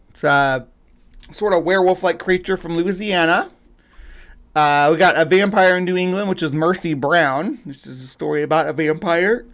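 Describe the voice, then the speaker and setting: A man's voice: fairly high pitch, a bit bright. A man hosting a casual livestream, rambling with lots of fillers and restarts. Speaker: host.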